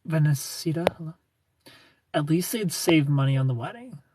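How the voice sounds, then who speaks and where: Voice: medium pitch, lively intonation, moderate pace, background noise. A young adult livestreamer chatting casually with viewers, sarcastic and laughing often as they answer comments by name. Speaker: livestreamer reading chat.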